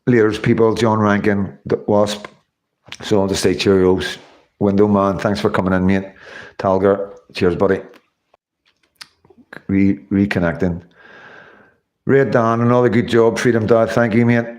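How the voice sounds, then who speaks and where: A man's voice: fairly low pitch, little pitch movement, a little slow, long pauses, a little mellow. A tired man, hosting a casual livestream sign-off and thanking viewers by name. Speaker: livestream host.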